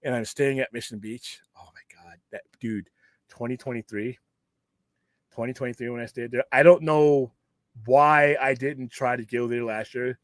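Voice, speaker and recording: A man from Southern California chatting on a live stream in a loose, rambling way. He swears freely, restarts his sentences and cracks jokes. His voice sits at an ordinary pitch and the sound is dry and close. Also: fairly even intonation, normal speed, dry recording. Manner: rambling, profane, jokey, many restarts. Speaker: streamer host. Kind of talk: casual live-stream chat.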